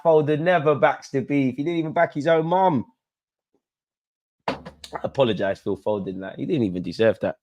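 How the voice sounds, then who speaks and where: A young man, hosting a live football watch-along, commentating casually and bantering with his chat and the players. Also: medium pitch. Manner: animated, banter-filled, talks straight to players and chat.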